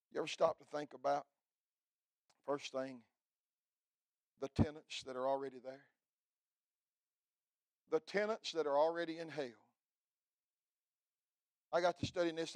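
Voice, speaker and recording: Fiery preacher, shouting and hushed. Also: male voice, on the high side, dry recording. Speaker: pastor. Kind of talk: fiery revival sermon.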